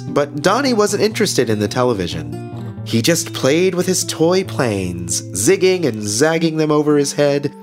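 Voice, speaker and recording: A chipper, lively radio host. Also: male voice, mid-range voice. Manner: bright, chatty delivery of grim news. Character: cheerfully devout male radio host, unsettlingly upbeat. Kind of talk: scripted radio drama narration. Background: faint guitar music.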